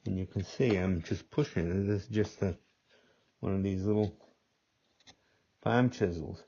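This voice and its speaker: An older man with a very deep voice talks slowly through a workshop demonstration, rambling a little and repeating himself as he works. The audio is dull and lo-fi. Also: creaky, mellow. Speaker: gunsmithing instructor.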